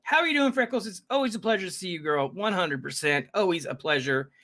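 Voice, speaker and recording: A man's voice: high voice, animated, fast, sharp tone. A man hosting a casual live reaction stream, chatting with viewers and greeting them by name, rambling with frequent self-interruptions. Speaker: livestream reaction host.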